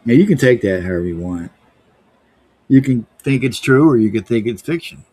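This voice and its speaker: A man's voice: mid-range voice, lively intonation, normal speed, warm tone, slightly rough, no room sound. A man chatting on a live art stream, rambling and joking playfully. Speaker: livestreaming artist. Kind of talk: casual stream chat.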